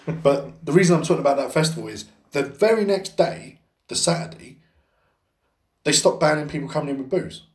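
A man's voice: a little high, a little fast, roomy sound. A young adult Englishman co-hosting a podcast, swearing a lot and telling a story animatedly. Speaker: podcast co-host. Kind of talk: casual storytelling chat.

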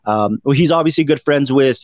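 A man's voice: mid-range voice, fairly quick, darkish tone, dry recording. A man hosting a film podcast, talking casually with many fillers and restarts. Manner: rambling, lots of fillers and restarts. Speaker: podcast host.

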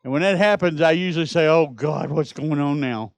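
Male pastor, middle-aged, high clear voice, dry close sound, storytelling sermon with loud emphatic peaks. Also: a little fast, dry recording.

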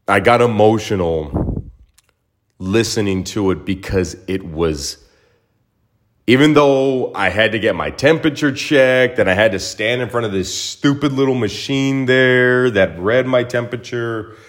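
A man's voice: fairly low pitch, unhurried. A young man hosting a solo podcast, talking through his own story in a reflective, heartfelt way, often repeating himself as he gathers his thoughts. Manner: reflective, emotional, repeats words. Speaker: podcast host. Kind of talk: casual solo monologue.

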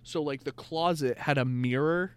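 A man's voice: on the high side, moderate pace, slight background noise. A young man co-hosting a podcast, telling a long story in casual chat, full of fillers and swearing. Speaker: podcast co-host.

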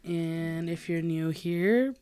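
A woman co-hosting a podcast with her sister, chatting casually with a lowish voice. She is blunt and teasing and swears freely. She sounds a bit tipsy. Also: slow, warm tone, smooth. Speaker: podcast co-host. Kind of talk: casual chat.

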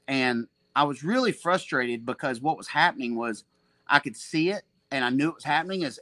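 A man's voice: mid-range voice, a bit bright, no room sound. A man in his forties, a jiu-jitsu black belt and gym owner, telling stories as a guest in a casual chat. He rambles and swears, often restarting his sentences. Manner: rambling, profane, frequent restarts and laughter.

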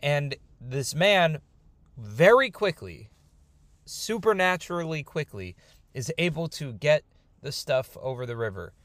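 A man's voice: a little high, a little slow, dry recording. A man retelling a scripture story in a casual, conversational storytelling manner. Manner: conversational, informal, lively retelling. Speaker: Torah storyteller.

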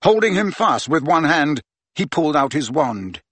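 A man narrating an audiobook in an expressive reading voice. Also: a little high, normal speed, breathy edge, dry recording. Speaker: audiobook reader.

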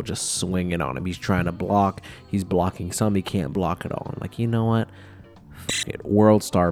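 A man's voice: deep voice, darkish tone. A drunk man telling a rambling, profane story to his camera, mocking himself as he goes. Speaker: vlogger.

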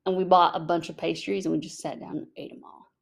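Woman, young adult, from the US, casual podcast chat, gravelly fry. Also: fairly low pitch, little pitch movement, fast. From United States. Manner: chatty, laughs easily, acts out little quotes. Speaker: podcast co-host.

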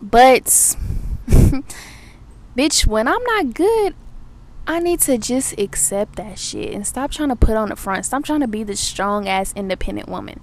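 Animated, profane young woman telling a story. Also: a little high, normal speed, a little hiss or hum. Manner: profane, animated retelling of her day. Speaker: podcast host. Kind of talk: casual storytelling monologue.

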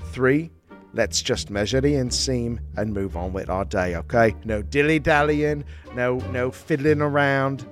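A man in an improvised comedy sketch playing a tiny, short-tempered male creature being fitted for a suit, prickly and defensive. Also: mid-range voice. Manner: prickly, defensive, bursts into indignant outbursts. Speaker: podcast co-host.

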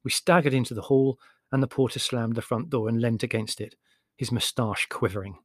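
A man narrating an audiobook with measured, wry storytelling in an average-pitched voice. The recording is dry and close, with no room sound. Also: no room sound.

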